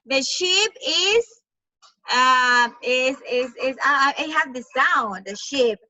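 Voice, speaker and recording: A woman's voice: sits high, lively intonation, takes it slowly, sharp tone, no room sound, low-quality recording. A woman whose first language is Spanish, teaching an online class to children over a video call. She repeats words patiently, coaxes the kids and mimics animal sounds. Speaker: English teacher.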